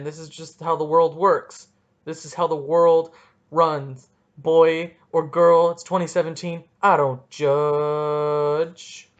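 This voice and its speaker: A man's voice: a little high, lo-fi sound. A young man hosting a solo podcast, ranting and rambling with goofy, self-mocking asides. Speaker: podcast host.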